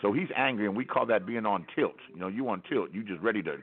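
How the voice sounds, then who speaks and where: A man's voice: lowish voice, animated, quick pace, slightly rough. An American man telling a rambling, wry story as a caller on a call-in radio show, with many restarts. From United States. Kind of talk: casual storytelling on talk radio. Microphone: telephone. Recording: tinny phone line.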